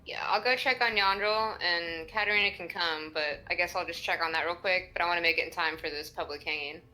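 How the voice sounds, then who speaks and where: A woman's voice: lowish voice, fast, sharp tone, soft background music, low-quality recording. A woman playing a tabletop role-playing game, chatting casually and laughing often as she describes her character. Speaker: player.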